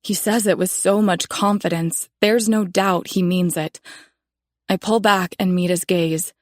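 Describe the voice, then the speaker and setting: A woman narrating a romance audiobook in the first person, in a calm, measured way. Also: lowish voice, no room sound, studio quality.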